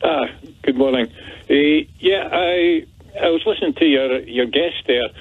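A man's voice: a little high, a little slow, no echo. A man calling a radio phone-in, earnest and hesitant, with many fillers. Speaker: caller. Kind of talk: phone-in call. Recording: dry tinny phone line.

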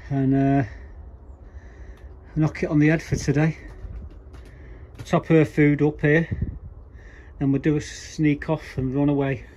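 A man's voice: on the high side, little pitch movement, slow, long pauses, mellow, lo-fi sound. Chatty man at his allotment. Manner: chatty, rambling, dry grumbling asides. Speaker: allotment vlogger. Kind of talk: casual chat to camera. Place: outdoor allotment garden. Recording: faint background noise outdoors. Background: faint outdoor ambience.

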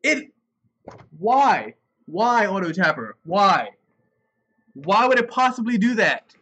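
A man streaming a card game, his husky voice sitting high for a man and leaping all over the place. He talks in exasperated, repetitive outbursts as he plays. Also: sing-song, takes it slowly, fairly bright tone, poor audio.

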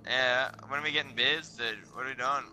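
Young guy, crude gamer banter, sharp edgy tone over game music. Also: mid-range voice, fairly even intonation, brisk. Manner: crude, laid-back, swearing and laughing. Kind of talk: casual banter while gaming.

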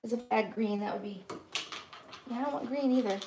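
A woman's voice: fairly high pitch, brisk, noisy background. A middle-aged woman, chatting casually and rambling to live-stream viewers while teaching painting.

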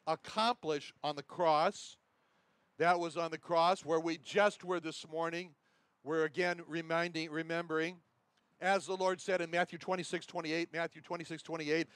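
A man's voice: fairly high pitch, fairly bright tone, no echo. A man teaching a sermon, emphatic and repeating his Bible references. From United States. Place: chapel.

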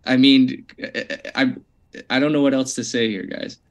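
Chill guy in a debate, explains his side, bit hesitant, middle pitch. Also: fairly even intonation, normal speed. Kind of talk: casual debate reply.

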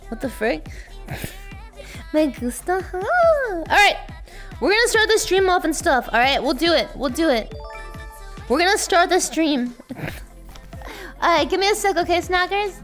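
A woman streamer with a high voice that leaps all over the place. She chats casually and playfully with her viewers and often bursts into shouts and laughs. Faint music plays underneath. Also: big pitch swings, unhurried, long pauses. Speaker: livestreamer. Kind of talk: casual livestream chat greeting viewers.

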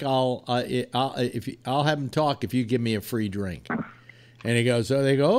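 A man's voice: mid-range voice, moderate pace, clear, resonant tone. A man hosting a casual talk show, telling an old joke in a loose, rambling way with many fillers. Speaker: radio show host.

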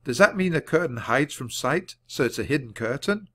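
A man's voice: mid-range voice, animated, normal speed, pushed and bright, pitched above the performer's own voice. A man reading a storybook aloud, voicing a nervous young boy who stammers. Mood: eager. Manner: stammering, anxious.

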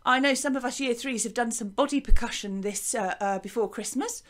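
An English woman gives young children a lively online music lesson, speaking into a desk mic next to her laptop in a little garden hut. Her voice is fairly high and fairly quick, and her tone is sing-song, bright and encouraging.

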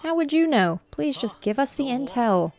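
A woman doing a high-voiced earnest young nobleman. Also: sing-song, normal speed, darkish tone, faint music behind. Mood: indignant. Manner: pleading then indignant. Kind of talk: reading game dialogue aloud.

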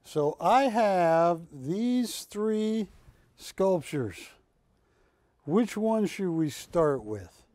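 A man hosting a live shopping show, selling with joking, drawn-out salesman patter. He speaks slowly and in a fairly high voice. The sound is dry and close. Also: big pitch swings, a little mellow, no echo. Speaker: shopping channel host. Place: TV studio.

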